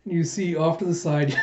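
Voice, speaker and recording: Man, excitable casual recap, mellow tone, dull echoey room sound. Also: on the high side. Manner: excitable, reads panels aloud in quick put-on quotes, laughs often. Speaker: manga reaction host.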